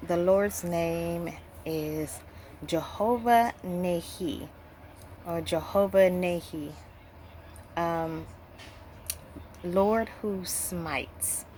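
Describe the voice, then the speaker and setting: A woman's voice: lowish voice, drawn-out words, long pauses, dark tone, a little hiss or hum. A woman giving a casual Bible lesson, talking conversationally, with many fillers and rhetorical questions. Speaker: Bible teacher.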